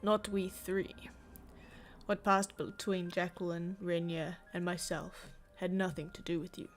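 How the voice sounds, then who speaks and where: A woman's voice: lowish voice, flat delivery, a little slow, soft background music, natural voice. A woman voicing an aloof, absent-minded young man who speaks curtly and dismissively, in a dramatized book reading. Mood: cool.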